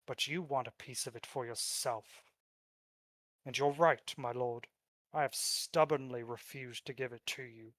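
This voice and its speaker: A man voicing an arrogant, proud male noble lord who speaks loudly and haughtily. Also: mid-range voice, unhurried, dry recording, lightly acted. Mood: bargaining.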